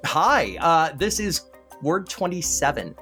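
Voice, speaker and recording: A man's voice: on the high side, soft background music. A man hosting a word game podcast, keeping score and teasing the players. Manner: animated, teasing, rapid bursts of scorekeeping. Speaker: game show host.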